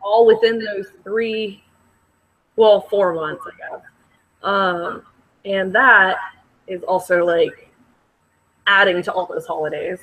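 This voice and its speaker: A woman's voice: medium pitch, fairly even intonation, slow pace, long pauses, fairly bright tone, low-quality recording. A young woman co-hosting a podcast, rambling in casual chat with many fillers. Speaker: podcast co-host.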